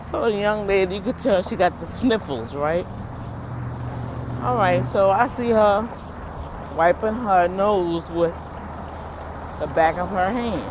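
Animated woman vlogging outdoors. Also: medium pitch, slow pace, long pauses, noisy background. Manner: animated, talks to viewers as "y'all", acts out quotes. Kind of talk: casual storytelling vlog. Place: outdoors by a street, waiting for a bus.

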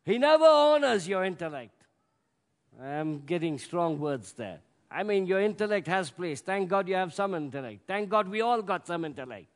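A man preaching a sermon with emphatic delivery that swells to loud peaks. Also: high-pitched, big pitch swings, moderate pace. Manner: emphatic, rising to loud peaks, acts out scripture voices. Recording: long hall reverb.

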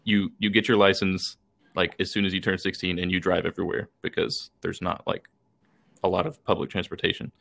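A young man tells stories on a casual podcast, looping through fillers and dropping curses as he goes. His voice sits low and has a gravelly edge to it. The delivery is loose, conversational and unpolished. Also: little pitch movement, a little fast, a bit bright. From Texas. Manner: rambling storytelling, swears freely, fillers. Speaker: podcast co-host. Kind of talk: casual chat.

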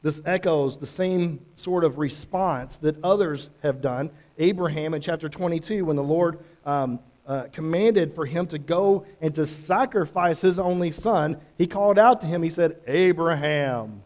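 Male pastor, sermon, slightly high voice, conversational, animated delivery. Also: normal speed, few pauses. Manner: conversational, animated preaching with acted-out quotes.

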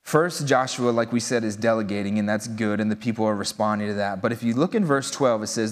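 A man's voice: fairly low pitch, fairly quick, few pauses. A man preaching a sermon in a loose, conversational way, with frequent fillers and asides. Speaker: pastor. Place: church hall. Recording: long hall reverb.

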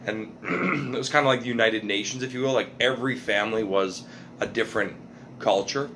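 Male comedian guest, low register, loose filler-heavy delivery with swearing. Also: fairly even intonation, a little fast, a bit bright, a little hiss or hum. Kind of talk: casual podcast chat.

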